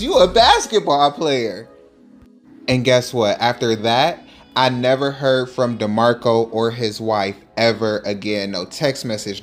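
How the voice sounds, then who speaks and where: A man telling a casual storytime over a nail art tutorial, animated and acting out the quotes. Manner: animated, acts out quotes in higher voices.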